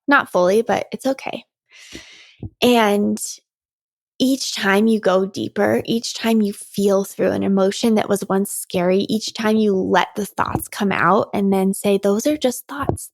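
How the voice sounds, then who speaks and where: A woman in her thirties hosts a solo podcast, speaking earnestly and with animation, often breaking into a laugh. Her voice has a gravelly fry at the ends of phrases. The recording is dry and close to the mic, with no room sound. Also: mid-range voice, no room sound. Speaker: podcast host and coach. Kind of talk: reflective solo podcast talk.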